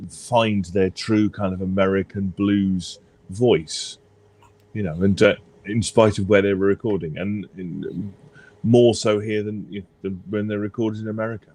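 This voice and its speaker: Rambling man, lowish voice. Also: fairly even intonation, moderate pace, a little mellow. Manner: rambling, hesitant, laughs easily. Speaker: podcast co-host. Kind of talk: casual album review chat.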